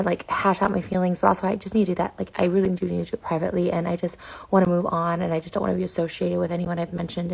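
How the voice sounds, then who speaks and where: A woman's voice: fairly low pitch, vocal fry, breathy edge. A woman in her thirties, upset, venting in a personal rant full of "like" and restarts. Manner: upset, rapid and repetitive, many "like"s and restarts. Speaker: online personality. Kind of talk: emotional personal rant to camera.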